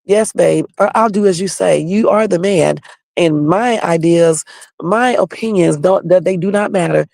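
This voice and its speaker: A woman putting on the voice of a meek, submissive woman who agrees with her man, slow and mocking. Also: fairly low pitch, gravelly, darkish tone, no echo, clean studio sound.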